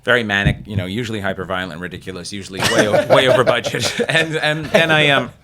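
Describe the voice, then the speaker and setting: A man's voice: fairly low pitch, fast talker, a loud crowd. A man hosting a comedy podcast in a studio, talking animatedly and laughing often. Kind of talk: casual podcast chat.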